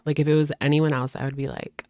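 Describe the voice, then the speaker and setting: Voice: mid-range voice, little pitch movement, fast, mellow, no room sound, studio quality. A host doing gossip reaction commentary, snarky and sarcastic about the clips being watched.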